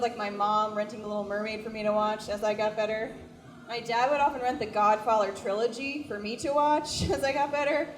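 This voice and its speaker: A young woman doing a stand-up comedy set, chatty and self-deprecating, with lots of "like". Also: a little high. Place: small comedy venue, indoors. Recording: echoey live comedy venue.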